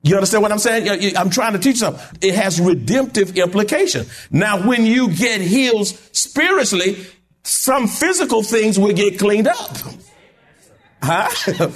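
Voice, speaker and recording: Male pastor, high and very expressive voice, call-and-response sermon in a church. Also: normal speed. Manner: call-and-response preaching, rising to shouts.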